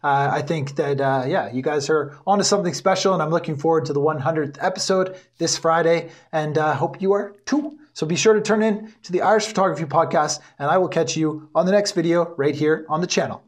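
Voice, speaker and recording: A man's voice: on the high side, brisk, hardly any pauses. A man hosting a casual photography podcast chat and signing off with playful thanks. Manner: laughing, playful sign-off. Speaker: podcast host.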